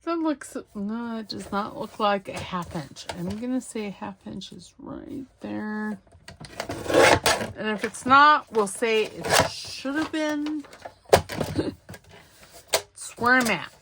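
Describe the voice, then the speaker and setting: A woman's voice: on the high side, takes it slowly, very noisy. A middle-aged woman chatting casually to herself as she works on a craft project, self-deprecating and rambling. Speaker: crafting channel host. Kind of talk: casual chat while crafting.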